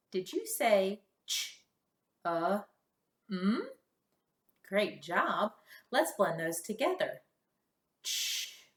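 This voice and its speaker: A woman teaching a kindergarten phonics lesson, sounding out letters slowly and cheering the children on. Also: medium pitch, roomy sound. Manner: slow, exaggerated sound-by-sound modeling with lively praise.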